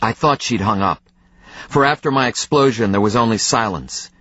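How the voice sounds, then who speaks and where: A man giving measured, tense first-person audiobook narration. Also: medium pitch, sharp tone, no echo, muffled recording.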